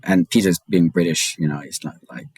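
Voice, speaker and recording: Man, very low voice, fast storytelling, stammering restarts, dry close sound. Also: a little mellow, husky, no room sound, poor audio. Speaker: guest author and journalist. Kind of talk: casual interview chat.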